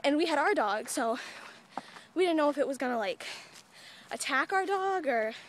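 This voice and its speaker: Young woman, high voice, breathless and giggly, chatty vlogger on a phone outdoors. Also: lively intonation, normal speed, slight background noise. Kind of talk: excited casual storytelling. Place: outdoors by a cemetery. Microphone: phone camera.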